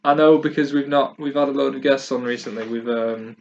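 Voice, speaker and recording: A man's voice: mid-range voice, fairly even intonation, a little fast, creaky, far from the mic, slight background noise. Rambling man, off-mic. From North of England. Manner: rambling, hesitant storytelling with many fillers. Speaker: podcast host. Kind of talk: casual chat. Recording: muffled sound from away from the mic.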